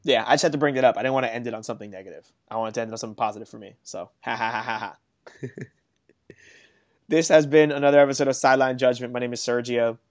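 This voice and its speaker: A young man co-hosting a casual sports podcast, telling stories in an animated, self-mocking way. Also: medium pitch, very fast. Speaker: podcast co-host.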